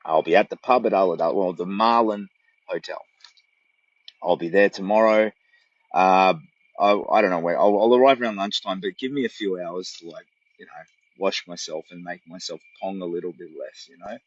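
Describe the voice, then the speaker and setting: A man's voice: sits low, moderate pace, no echo, lo-fi sound. A middle-aged man with an Australian accent, chatting earnestly and rambling on a livestream from a tent in the bush. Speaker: walking vlogger. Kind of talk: casual livestream chat. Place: tent in dense bush outdoors. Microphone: phone livestream.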